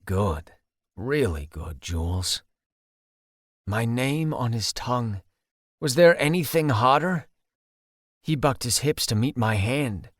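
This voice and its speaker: A man narrating an audiobook in the first person, steady and intimate. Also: mid-range voice, unhurried, no echo, studio quality.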